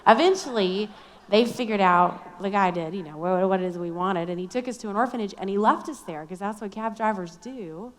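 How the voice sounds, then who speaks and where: A woman's voice: medium pitch, fairly quick. Chatty woman storyteller in a reverberant hall. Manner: chatty, self-deprecating, lively storytelling. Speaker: speaker at a Christian conference. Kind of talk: storytelling sermon talk.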